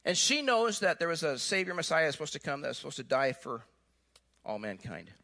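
A male pastor delivering a sermon in a high, bright, ringing voice. He tells the story in an animated way with playful asides, then drops into quiet, earnest reflection. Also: fast.

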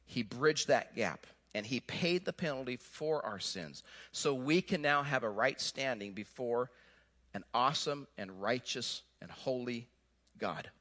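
A man preaching a sermon who tells the story in an animated way, then turns quiet and earnest. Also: medium pitch, measured pace. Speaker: pastor.

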